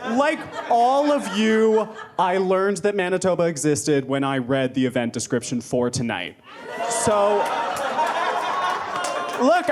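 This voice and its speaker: A woman doing a stand-up roast in a comedy club, sarcastic and deadpan as she lists facts. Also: mid-range voice, noisy background. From Nova Scotia, Canada. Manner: sarcastic, deadpan fact-listing.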